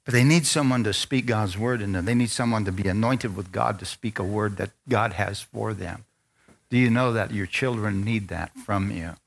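A man's voice: lowish voice, creaky, fairly bright tone. Conversational male pastor preaching a sermon. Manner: conversational preacher, asks congregation for amens.

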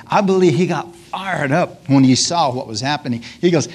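A man's voice: fairly high pitch, moderate pace, hardly any pauses, slightly rough. A man preaching a sermon to a congregation, often calling out hallelujah and amen, asking his listeners questions and laughing as he goes. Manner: call-and-response asides, frequent hallelujahs and laughs; acts out scripture scenes in lively voices.

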